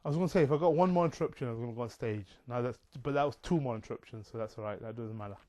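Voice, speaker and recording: A man's voice: medium pitch, very fast, a little mellow. A man talking in a rambling, casual monologue, full of fillers and digressions. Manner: chatty, digressive, many fillers.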